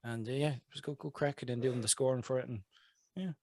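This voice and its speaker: A man's voice: medium pitch, steady tone, fast, crowd noise. A man with an Irish accent, a podcast co-host chatting casually, rambling and laughing often. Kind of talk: casual chat.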